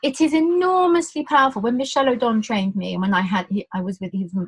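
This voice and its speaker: A middle-aged woman, a birth educator, explaining labour in casual conversation, animated, acting out quotes with many restarts. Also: on the high side, fast talker, breathy edge, low-quality recording.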